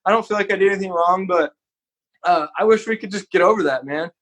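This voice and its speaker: A man's voice: high voice, fast talker, a bit bright. A man from Texas, a podcast guest, telling an earnest, candid story in a casual, conversational way.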